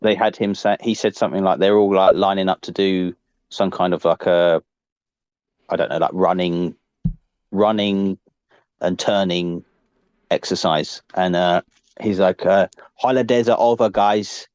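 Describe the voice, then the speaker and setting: Low-voiced man joking on a podcast. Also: level tone, measured pace, pauses often, a little mellow, clean tone, no echo, lo-fi sound. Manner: jokey, teasing, chatty. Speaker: podcast co-host. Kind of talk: casual football chat. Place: lives in Liverpool.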